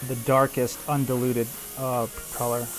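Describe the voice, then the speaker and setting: A man giving casual how-to commentary while he airbrushes, relaxed and loose, saying "like" and "man" a lot. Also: mid-range voice, measured pace, soft background music. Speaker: airbrush artist.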